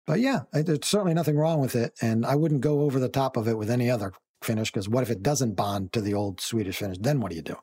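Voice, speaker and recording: A male radio co-host with a slightly husky voice gives advice. He explains things plainly and in a matter-of-fact way, at a steady conversational pitch. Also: quick pace, hardly any pauses. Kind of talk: radio call-in talk.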